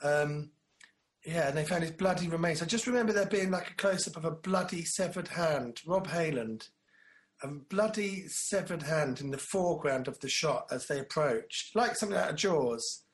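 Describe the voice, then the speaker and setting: Male co-host, slightly raised pitch, rambling and jokey, casual chat. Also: normal speed. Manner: rambling, jokey storyteller who acts out quotes. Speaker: podcast co-host.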